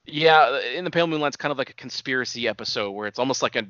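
A man's voice: medium pitch, quick pace, pushed and bright, no room sound, lo-fi sound. A man in casual chat, explaining a TV series' background with hedging asides. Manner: knowledgeable fan, explains lore with hedging asides.

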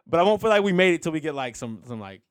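A man's voice: a little high, sing-song, racing, no room sound, studio quality. A young man co-hosting a podcast, chatting in a laid-back, rambling way and laughing easily. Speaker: podcast co-host. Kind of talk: casual chat.

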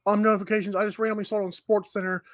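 A man's voice: high voice, level tone, rapid-fire, fairly bright tone, no echo. A man hosting a morning sports talk show, chatting casually and rambling with lots of fillers.

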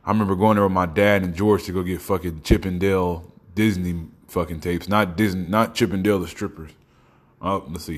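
A man from Oklahoma with a fairly low voice rambles through a comic, profane podcast monologue. He tells stories in a loose, casual flow, swearing freely along the way. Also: steady tone, fairly quick. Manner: profane, rambling storytelling with laughs. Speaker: podcast host.

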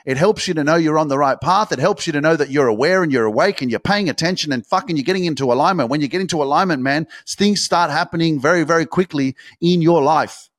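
A man's voice: on the high side, fast, few pauses, fairly bright tone, no echo, clean studio sound. A man hosting a podcast, delivering a motivational monologue in an intense, swearing pep-talk style full of repetition and emphasis. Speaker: podcast host.

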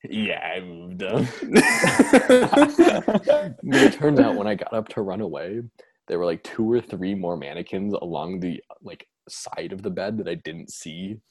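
Lively deep-voiced young man telling a story. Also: measured pace, breathy edge. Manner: animated, laughing, acts out quotes. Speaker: podcast co-host. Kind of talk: casual storytelling chat.

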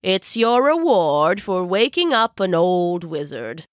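A kindly old wizard, voiced by a woman, speaks slowly and warmly in a storybook tale. His voice sits lower than the narrator's own, wise and unhurried. The recording is dry and close. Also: very animated, no room sound. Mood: gentle. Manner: slow, deep, gentle and wise. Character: kindly old male wizard Father Frost. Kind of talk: storybook voice acting.

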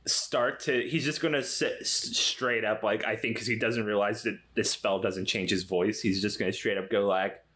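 A person playing in a tabletop role-playing game, laughing often and breaking off mid-sentence. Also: female voice, rumbling low, steady tone, fairly bright tone. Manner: laughing, self-interrupting, slow. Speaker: player. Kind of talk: tabletop role-play chat.

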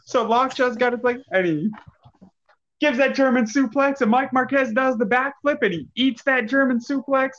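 A man's voice: very high-pitched, moderate pace, fairly bright tone. Laughing storyteller man, lo-fi sound. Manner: laughs often while telling stories. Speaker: podcast co-host. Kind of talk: casual storytelling chat.

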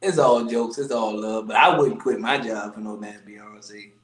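A man co-hosting a podcast, animated and joking in heavy slang, in casual banter. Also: fairly low pitch, unhurried, roomy sound, poor audio. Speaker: podcast co-host.

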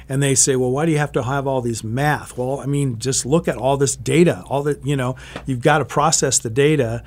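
A middle-aged man, a TV meteorologist, chatting casually and telling stories, often restarting his sentences. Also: mid-range voice. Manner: rambling, self-correcting storyteller. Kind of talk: casual interview chat.

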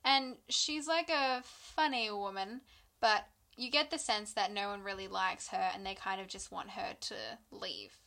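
A young woman casually retelling a novel's plot to a friend, playful and quick to laugh. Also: mid-range voice, steady tone, creaky, sharp tone. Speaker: book podcast co-host. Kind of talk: casual chat recapping a novel.

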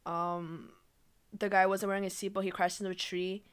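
A teenage girl chatting casually, telling an animated story with swearing and laughter. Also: mid-range voice, normal speed, smooth. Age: teens. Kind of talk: casual chat.

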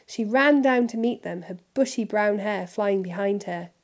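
A woman reading a children's novel aloud in steady, clear narration. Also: mid-range voice, normal speed, hardly any pauses. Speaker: storybook reader.

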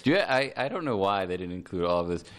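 A man co-hosting a casual podcast chat, with a jokey, animated manner. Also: low-pitched, fast. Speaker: podcast co-host.

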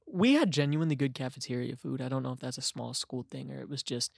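Gravelly, tired young man, deadpan. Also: medium pitch, fast talker, no echo, clean studio sound. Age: young adult. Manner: deadpan, sarcastic joking. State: tired from lack of sleep. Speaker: podcast host. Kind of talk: casual chat.

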